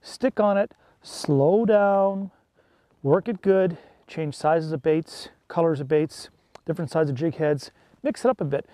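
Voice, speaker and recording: A man chatting excitedly and folksily while fishing from a small boat on a lake. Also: fairly high pitch, measured pace, no room sound. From Canada. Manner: excitable, folksy, peppers talk with "eh". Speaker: fishing vlogger. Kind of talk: casual on-the-water chat.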